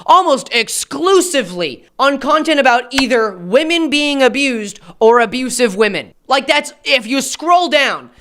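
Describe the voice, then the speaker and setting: A man's voice: very high voice, animated, unhurried, few pauses, a bit bright. Sarcastic young American commentary guy. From United States. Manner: sarcastic, rambling, jokey asides. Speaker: commentary YouTuber. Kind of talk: commentary rant.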